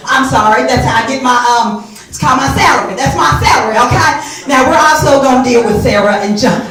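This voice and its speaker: A woman playing a loud, boastful older church mother who scolds everyone and calls them baby, in a one-woman stage comedy. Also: high voice. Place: theater stage, live. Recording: echoey stage from far off.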